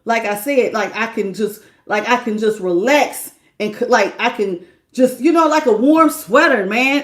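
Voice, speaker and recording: A woman's voice: a little high, moderate pace. A woman giving a live tarot reading, talking casually to her viewers, laughing often and calling them baby. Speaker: tarot reader.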